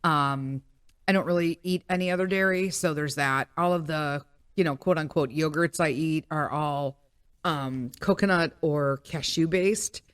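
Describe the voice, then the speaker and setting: A woman's voice: deep voice, unhurried, smooth, no echo, clean studio sound. A middle-aged woman hosting a podcast, talking in a candid, profane and rambling casual monologue. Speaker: podcast host.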